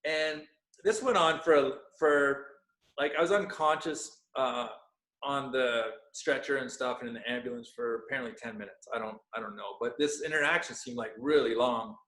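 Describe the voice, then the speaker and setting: A man's voice: mid-range voice, moderate pace, a bit bright. A man in his thirties, a podcast guest, telling a personal story in an earnest way and searching for words with many fillers. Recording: echoey room.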